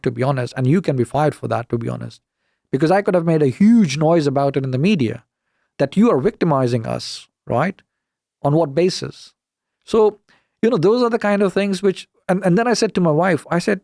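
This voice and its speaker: A middle-aged man from the UK, telling a story as a podcast guest, animated and indignant as he acts out the dialogue. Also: a little high, fairly quick, vocal fry, no echo, studio quality. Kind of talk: casual storytelling interview.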